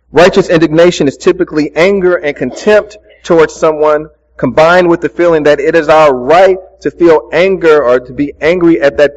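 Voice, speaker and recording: A man's voice: fairly high pitch, in a large hall, lo-fi sound. A man preaching a sermon, praying and telling a story with casual, earnest asides. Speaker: pastor.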